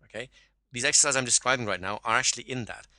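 A man's voice: medium pitch, racing, bright, forceful tone, no echo. A man coaching a caller one-to-one, explaining exercises step by step and often checking in with "right?".

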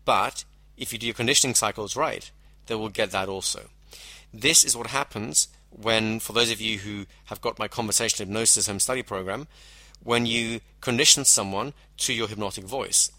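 A man teaches hypnosis in a measured, explanatory way, stretching out the phrases he wants to stress. His voice is low-pitched but bright and forward, recorded dry and close with no room sound. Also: steady tone, no echo. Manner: measured, explanatory, with slowed emphasis on key phrases. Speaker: hypnosis instructor. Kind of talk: teaching lecture.

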